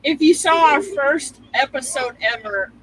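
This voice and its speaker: A woman's voice: sits high, measured pace, slight background noise, rough recording. A woman hosting a casual live stream, answering teasing with playful, mock-offended banter. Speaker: host.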